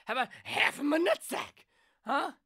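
A man playing a brash, crude, boastful cyclist turned president, shouting improvised rants for a cartoon. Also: very high voice, lively intonation, normal speed, exaggerated voice. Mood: crude taunting.

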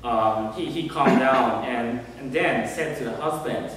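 Slow-talking reverend in an echoey temple hall. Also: male voice, medium pitch, far from the mic, very noisy. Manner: gentle, unhurried, with many pauses and fillers. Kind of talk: sermon storytelling.

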